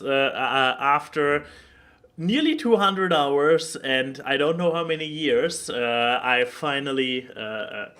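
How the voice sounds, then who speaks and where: A man with a bright, forceful voice co-hosts a casual podcast. He talks in stops and starts, circling back as he hunts for words. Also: a little high. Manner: halting, many fillers and restarts. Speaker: podcast co-host.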